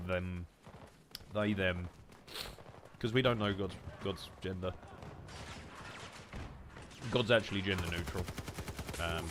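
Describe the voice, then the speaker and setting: A man's voice: sits low, very animated, slow pace, long pauses, noisy background. A young British man with a blocked, nasal nose, rambling and swearing in casual chatter to his live-stream chat while he plays. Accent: British English. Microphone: headset.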